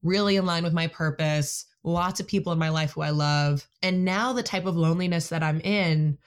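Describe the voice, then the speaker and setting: A woman's voice: fairly low pitch, normal speed. A woman in casual conversation, speaking candidly and self-consciously, often quoting what others say.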